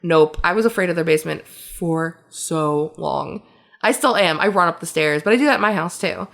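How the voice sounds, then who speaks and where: A woman co-hosting a podcast, telling stories in a casual, animated way with frequent laughter and lots of fillers. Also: on the low side, moderate pace, creaky. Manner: animated storyteller, laughs often, many fillers. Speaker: podcast co-host. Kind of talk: casual chat.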